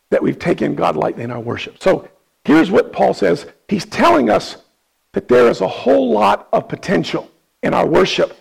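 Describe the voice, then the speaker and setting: Pastor, hoarse and gravelly, high lively delivery, impassioned sermon. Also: male voice, low-quality recording. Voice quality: raspy, gravelly. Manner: impassioned, rising to emphatic questions.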